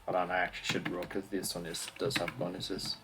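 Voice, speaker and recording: A man narrating a tabletop game as dungeon master, relaxed and hesitant with fillers. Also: deep voice, a little fast, heavy background noise.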